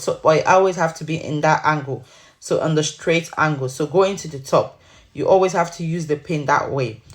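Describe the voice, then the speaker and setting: A low-pitched woman explains her wig-making steps in a casual, sassy way. She calls her viewers honey and sweetheart as she works, talking into the camera mic. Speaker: wig maker showing her craft. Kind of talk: casual tutorial talk to viewers.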